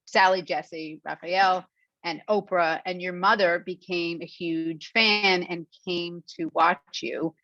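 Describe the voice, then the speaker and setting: A woman with a fairly low voice interviews a fellow author. She asks chatty questions and often restarts her sentences. Her audio sounds muffled and dry, with no room echo. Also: fairly even intonation, takes it slowly, a bit bright. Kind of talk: conversational interview over video.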